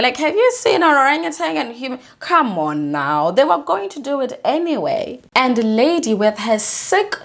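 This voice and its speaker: A woman hosting a video, narrating a true story in a casual, emphatic way with indignant asides. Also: fairly high pitch. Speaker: video host.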